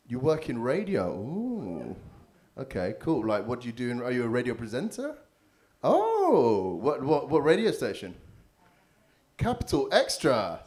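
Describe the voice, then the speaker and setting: A man hosting a live comedy show on a handheld mic, teasing the crowd with crude, cheeky banter. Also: medium pitch. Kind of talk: live stand-up crowd work. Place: live comedy venue with audience. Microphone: handheld stage mic.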